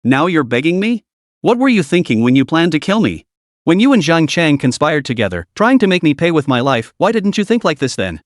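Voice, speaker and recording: A man's voice: a little high, big pitch swings, fairly quick, no room sound, clean studio sound. A man voicing a cold, merciless young avenger. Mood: cold scorn. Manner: cold, scornful.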